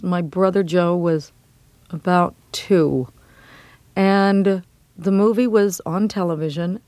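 A middle-aged woman answers interview questions about her past in a measured, reflective way, pausing often on ums. Her voice sits at an ordinary middle pitch. The recording is dry and close, with no room sound. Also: darkish tone, no echo. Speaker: guest, memoir author. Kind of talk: interview conversation.

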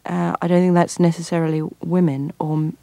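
A middle-aged woman from England, an actress answering interview questions thoughtfully, pausing and restarting as she searches for words. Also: fairly low pitch, little pitch movement, vocal fry, mellow, dry recording. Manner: thoughtful, frequent restarts and pauses. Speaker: actor, guest.

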